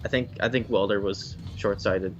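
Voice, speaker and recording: As his friend plays a video game, a young man who co-hosts a gameplay channel makes casual, rambling conversation full of restarts and self-corrections. His voice is on the low side with a steady tone at normal speed. Faint game music and slight background noise come through a slightly dull lo-fi mic.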